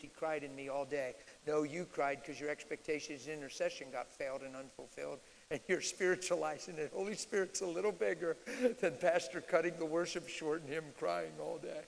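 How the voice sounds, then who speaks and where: A man's voice: fairly high pitch, gravelly, slight background noise. Guest preacher, male, blunt and emphatic, live Q&A in a reverberant church hall. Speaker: guest speaker. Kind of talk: live Q&A teaching. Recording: echoey hall.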